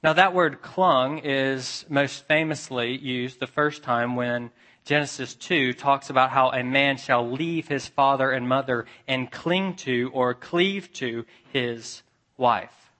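A man preaching a sermon as pastor, earnest, dropping soft and low for the tender passages. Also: takes it slowly.

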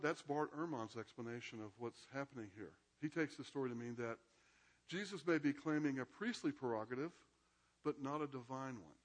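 A man giving an informal lecture, explaining a text conversationally and often checking in with "right?", with some hesitant fillers. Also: mid-range voice. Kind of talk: informal lecture with scripture reading.

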